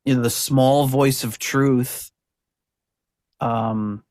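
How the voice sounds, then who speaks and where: A man's voice: mid-range voice, fairly even intonation, very slow, darkish tone, no echo, clean studio sound. A man co-hosting a podcast, chatting loosely about song lyrics with many fillers and restarts. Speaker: podcast co-host.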